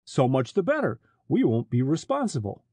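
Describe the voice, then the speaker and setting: A man voicing a sneering, surly chief smuggler in an audiobook, with a husky voice. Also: mid-range voice, wildly swooping pitch, normal speed, mellow, no room sound.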